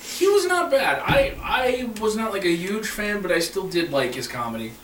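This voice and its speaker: A man's voice: high-pitched, big pitch swings, moderate pace, a bit bright, far from the mic, slight background noise. A man co-hosting a casual podcast chat, easygoing and agreeable. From Mexican heritage. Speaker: podcast co-host. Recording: echoey room, off-mic.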